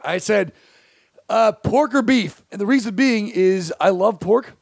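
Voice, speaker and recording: High-voiced gravelly man telling stories. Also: a little slow, no echo, studio quality. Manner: animated storyteller, acts out quotes loudly. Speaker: podcast co-host. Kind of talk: casual comedic storytelling.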